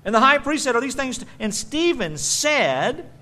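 A man preaching a sermon as pastor, swinging from loud emphatic bursts to quiet conversational asides. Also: very high voice, very animated, moderate pace.

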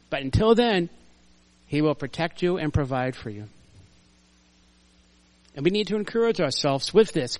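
An older man preaches to his congregation in a relaxed, storytelling way. His voice sits a touch higher than most men's, and he slides between soft, almost muttered asides and sudden loud, emphatic bursts. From United States. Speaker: pastor. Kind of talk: conversational sermon. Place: church sanctuary.

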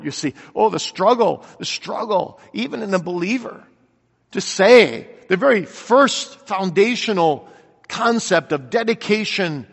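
High-voiced preacher in a reverberant hall. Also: male voice, lively intonation, a little slow, vocal fry. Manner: earnest, rhetorical questions, swings from loud to quiet. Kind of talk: sermon. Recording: long reverb of a large hall.

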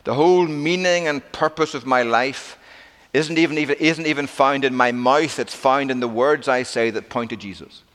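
A man's voice: mid-range voice, normal speed. Preaching man in a reverberant hall. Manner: animated storytelling with acted-out quotes. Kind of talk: sermon.

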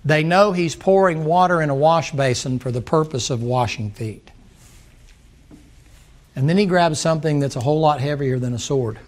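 A high-voiced male preacher delivers a folksy sermon. He slips into character voices and builds to loud, emphatic peaks. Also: moderate pace. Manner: folksy, rising to emphatic shouts, acts out voices.

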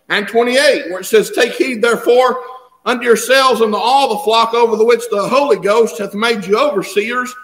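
Man, preacher, very high pitch, impassioned sermon, reverberant hall. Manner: impassioned, rising to shouts, dialect grammar. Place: church sanctuary. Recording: echoey long-reverb church hall.

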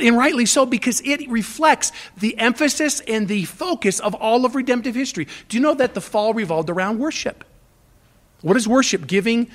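Preaching an expository sermon on a church stage, this pastor has a slightly bright voice pitched high for a man. Earnest and emphatic, he frequently breaks off and restarts phrases while working up to the key word.

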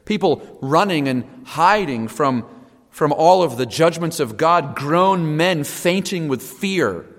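A man preaching a sermon, emphatic, repeating key phrases and swinging from hushed to loud. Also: on the high side, expressive, slow. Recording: long hall reverb.

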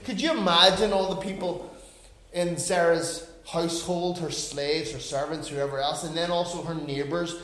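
A pastor in his forties delivers a sermon in a high voice. He drops to a hush and then builds to loud, emphatic peaks. The recording is roomy, with a noticeable echo. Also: fairly even intonation, normal speed. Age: 40s. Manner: dynamic preaching, swings from hushed to loud and emphatic.

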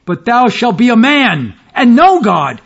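A man's voice: extremely high pitch, sing-song, a little slow, gravelly, husky. A man preaching a sermon, teaching from scripture and reading verses aloud in formal old-fashioned wording, with emphatic stress on key words. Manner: expository teaching, quoting scripture in formal King James phrasing. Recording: dull lo-fi sermon recording.

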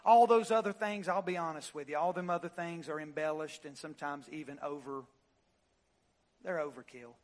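A pastor preaching in a church, his voice riding high for a man. He hammers repeated phrases, climbs to shouting peaks and then drops to low, hushed asides. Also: normal speed. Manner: impassioned preaching, swings from loud highs to low quiet asides; repeats phrases for emphasis, "listen" and "y'all". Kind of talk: sermon. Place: church sanctuary.

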